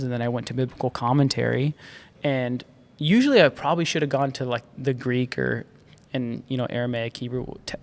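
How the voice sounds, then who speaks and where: A man in his thirties telling a story in a casual, animated podcast chat, saying "bro" and "dude" a lot and laughing often. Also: mid-range voice, vocal fry. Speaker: podcast guest, agency founder.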